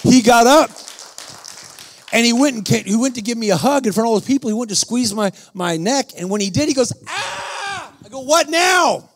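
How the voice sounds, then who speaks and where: A man preaching a sermon, telling stories in a slangy, fervent way that rises to shouts. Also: very high voice, rapid-fire, few pauses, slight background noise. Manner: storytelling, rising to shouts.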